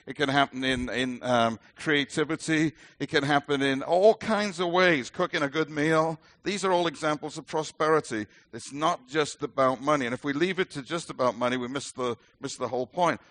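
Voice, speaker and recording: A man's voice: a little high, moderate pace, few pauses, a bit bright. A middle-aged man with a British accent preaching a sermon as a minister, earnest and emphatic with light self-deprecating humor.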